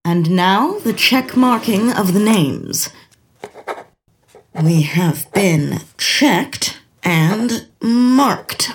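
A woman playing a proud, dutiful Victorian poet who declaims in a self-important, measured way. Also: medium pitch, lively intonation. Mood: grandiose.

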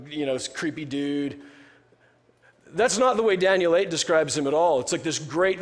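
A man's voice: on the high side, fairly bright tone. Man preaching in a reverberant hall. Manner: conversational, joking preaching with frequent restarts. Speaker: pastor. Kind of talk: sermon.

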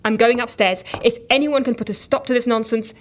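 A woman's voice: a little high, steady tone, fairly quick, natural voice. Exasperated office woman, as an actress plays her. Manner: flustered, incredulous.

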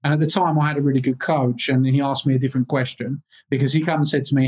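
A man's voice: medium pitch, flat delivery, fast, a little mellow, slightly rough. A man, a business coach, giving an interview in a confident, motivational way, repeating words for emphasis. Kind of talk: casual interview.

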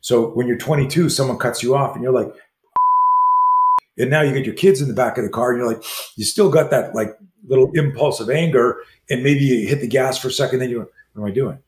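A man in his sixties, a self-defense trainer, telling stories as a guest and acting out quoted dialogue in a lively way. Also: medium pitch, slight background noise. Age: 60s. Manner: acts out quoted dialogue, fast lively delivery. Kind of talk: animated storytelling in conversation. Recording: roomy echo with faint ambience.

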